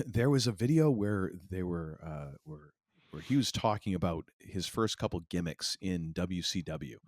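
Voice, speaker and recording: A low-pitched man from Maine chats casually on a podcast, rambling and circling back with fillers and restarts. His voice sits close to the mic in a dry, dead-sounding space. The talk is loose and easygoing. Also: expressive, unhurried, dry recording. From Maine, USA. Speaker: podcast co-host. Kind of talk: casual chat.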